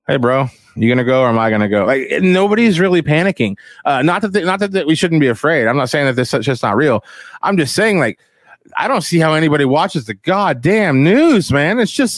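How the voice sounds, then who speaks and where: Man, podcast host, casual profane rant, rambling, mid pitch, dry close sound. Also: dry recording. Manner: profane, rambling, mocks others in shrill voices. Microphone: headphones on, close mic.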